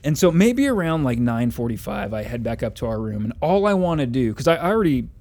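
A man's voice: mid-range voice, very animated, a little fast, darkish tone. A man telling a long, rambling story in casual chat, with lots of fillers and self-corrections.

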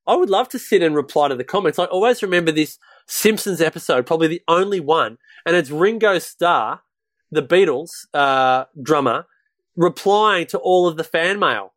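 A man's voice: on the high side, lively intonation, normal speed, a bit bright. A man, co-hosting a podcast in casual chat, talkative and given to rambling asides and laughs. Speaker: podcast co-host.

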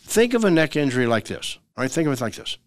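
A man hosts a legal advice show as a practicing lawyer, talking plainly and hammering his points home through repetition. His voice sits at a middling pitch. The recording is dry, with no room sound. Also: sing-song, fast, no room sound. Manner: emphatic and repetitive, acts out everyday dialogues. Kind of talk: conversational legal advice talk.

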